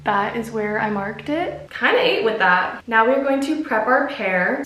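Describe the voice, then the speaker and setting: A young woman talks casually to her viewers in a home vlog, chatty and nervous. Her voice sits a little high. It is picked up from a few steps away in a room with echo. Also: a bit bright, recorded from a distance. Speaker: vlogger.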